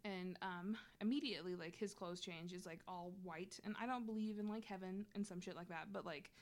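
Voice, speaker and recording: A woman's voice: lowish voice, a little fast, darkish tone. A young adult woman telling a personal story in casual chat, candid and slangy, swearing freely.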